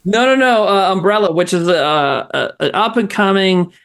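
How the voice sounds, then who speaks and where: A man's voice: sits high, moderate pace, fairly bright tone, clear, resonant tone. A man co-hosting a casual trailer-review chat, rambling through his thoughts with lots of swearing and laughter. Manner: rambling, laughing, swears a lot, many fillers. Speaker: podcast co-host.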